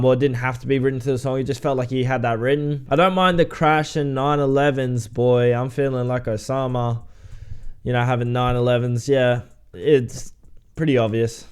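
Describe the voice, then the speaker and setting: A man giving a relaxed, rambling album review, with frequent ums. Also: a little high, clean tone. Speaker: music reviewer.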